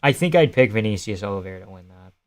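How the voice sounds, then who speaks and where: A man's voice: fairly low pitch, lively intonation, fast talker. A young man on a casual live stream, chatting loosely and swearing while he reacts to fights and answers his chat.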